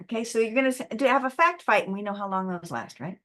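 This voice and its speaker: A middle-aged woman giving a motivational webinar talk, acting out quotes in an animated way. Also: medium pitch, fast talker, few pauses. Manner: lively, animated, acts out quotes. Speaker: presenter.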